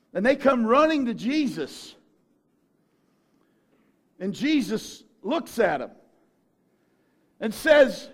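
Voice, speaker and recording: A male pastor preaching a sermon, telling the story in an animated way that swings from quiet to shouting. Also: high voice.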